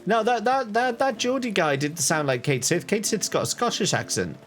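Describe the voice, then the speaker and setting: A man's voice: a little high, sing-song, moderate pace, a bit bright, faint music behind. A British man commenting on a game as he plays it, joking and mocking. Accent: British English. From United Kingdom. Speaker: gaming streamer. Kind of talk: let's play commentary.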